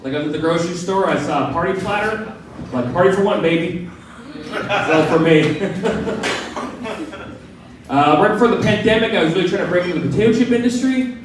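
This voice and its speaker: A man's voice: sits high, animated, a little fast, long pauses, far from the mic, noisy background. A man doing a stand-up comedy set with easygoing, self-deprecating jokes. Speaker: stand-up comic. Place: small comedy club stage. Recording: echoey room miked from afar.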